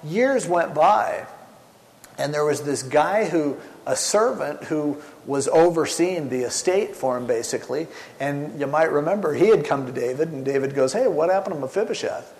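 Chatty middle-aged preacher in a hall. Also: male voice, a little high, normal speed, a little mellow. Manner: colloquial and chatty, slangy paraphrase. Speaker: pastor. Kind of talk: casual sermon retelling a Bible story. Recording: long hall reverb.

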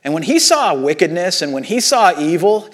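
A man preaching a sermon as pastor, talking casually with rhetorical questions and reading scripture aloud slowly. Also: sits high, very animated.

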